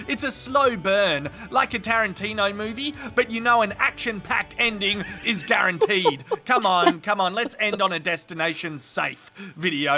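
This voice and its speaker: A man's voice: high-pitched, pushed and bright. A man narrating a comedic clip video in a sardonic, crude manner. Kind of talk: scripted comedic voice-over.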